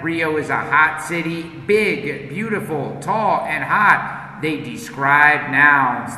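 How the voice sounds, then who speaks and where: A man teaches English in a slow, carefully paced way, drilling words for students to repeat. His voice is very bright and a little high. The room rings with long reverb, under a faint hum of ambience. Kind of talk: slow classroom explanation with drills.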